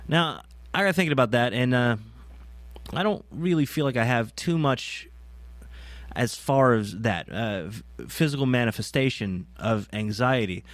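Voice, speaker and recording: A man's voice: medium pitch, lively intonation, normal speed, no room sound. Rambling self-deprecating man, dry close sound. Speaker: podcast host. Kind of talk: casual solo talk. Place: indoors, on a couch.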